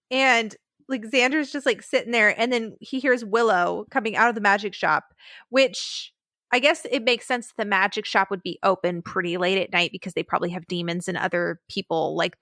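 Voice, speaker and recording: A young woman co-hosting a podcast in casual chat, giggly with quick reactions. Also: medium pitch, vocal fry, a bit bright, dry recording, clean studio sound. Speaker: podcast co-host.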